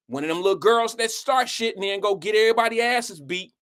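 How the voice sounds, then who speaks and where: Animated man telling a story on air. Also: high voice, fast talker, hardly any pauses, clear, resonant tone. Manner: animated, swearing storyteller who speaks to the audience directly. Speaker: show host. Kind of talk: live show storytelling.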